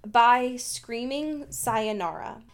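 A woman's voice: a little high, very slow, faint music behind. A woman co-hosting a podcast in casual chat, laughing often and swearing freely. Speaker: podcast co-host.

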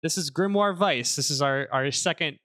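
A man hosting a casual podcast, recapping a game's story in an animated way with fillers. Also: fairly high pitch, moderate pace. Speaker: podcast host summarizing a game. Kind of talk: casual chat.

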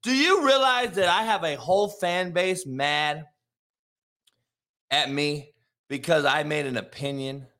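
A man hosts a live sports talk show with a high-pitched voice. His bright, cutting tone carries a combative, profane rant that swings into bursts of shouting. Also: unhurried, long pauses. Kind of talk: ranting live show monologue.

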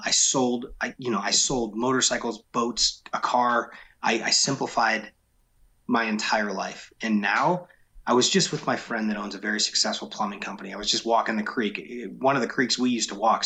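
A man's voice: lowish voice, steady tone, moderate pace, sharp tone. A man who owns a business, talking frankly and emphatically in a casual interview, often repeating his key points. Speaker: business owner.

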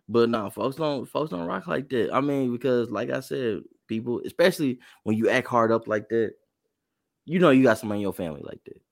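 A man's voice: mid-range voice, brisk, dry recording, studio quality. A man co-hosting a podcast in casual chat, laughing often. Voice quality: gravelly, animated, laughs often. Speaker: podcast co-host.

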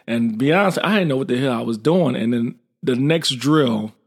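A gravelly-voiced middle-aged man shares an army story in a blunt, informal way. He keeps the telling lively and slips into the voices of the people in it. His pitch sits in a middling range. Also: normal speed. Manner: lively, acts out quoted dialogue. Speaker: military veteran guest. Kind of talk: casual storytelling.

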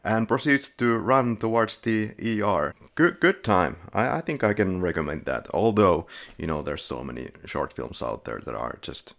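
Deep-voiced laid-back podcast man. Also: lively intonation, moderate pace, creaky, hardly any pauses, a bit bright. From Finland. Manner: laid-back, chuckles while reviewing, dry sarcasm. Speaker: podcast co-host. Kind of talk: casual film review chat.

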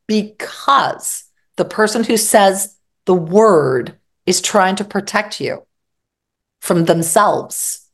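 Woman, therapist, lively interview talk, slightly low voice. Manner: animated, acts out quoted dialogue. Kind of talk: interview conversation.

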